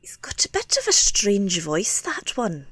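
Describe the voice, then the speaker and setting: A woman's voice: fairly high pitch, huge pitch swings, normal speed, dry recording. A woman voicing a gossipy, grumbling female cleaner on a spaceship, complaining and conspiratorial. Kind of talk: tabletop role-play in character.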